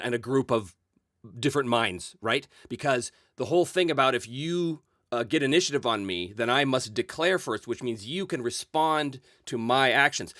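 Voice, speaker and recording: Animated man reading viewer comments. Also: mid-range voice, dry recording, studio quality. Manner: animated, chuckling often, many fillers. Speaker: solo RPG show host answering chat.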